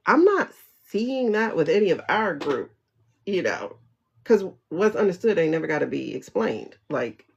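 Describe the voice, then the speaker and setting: A woman with a low, gravelly voice hosts a casual livestream, swinging her pitch up and down as she talks. She speaks frankly and swears freely, laughs often, and answers viewer comments as she reads them out. The audio is dull and lo-fi. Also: a little mellow. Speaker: livestream host.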